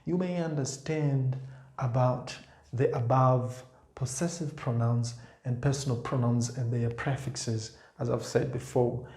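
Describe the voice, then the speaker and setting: A man's voice: medium pitch, steady tone, a little slow, a little mellow. A man teaching a spoken language lesson, repeating words patiently and pointing to written examples. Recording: echoey room.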